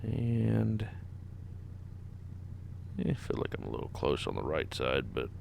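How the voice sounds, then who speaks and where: A man's voice: a bass voice, sing-song, takes it slowly, creaky. A man streaming a truck driving game, chatting casually to himself and the traffic in a sleepy, laid-back way. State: sleepy, yawning. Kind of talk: casual gameplay commentary.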